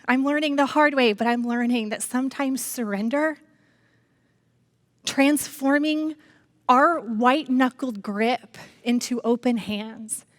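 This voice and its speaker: Woman preaching in church, lively storytelling, kinda high voice, dry close sound. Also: dry recording. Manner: animated storytelling, addresses congregation as y'all. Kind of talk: sermon.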